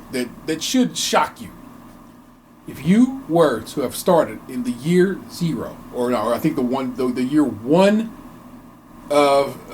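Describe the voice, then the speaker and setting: Animated, profane man ranting. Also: medium pitch, slight background noise. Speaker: podcast co-host. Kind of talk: casual chat. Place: home basement studio.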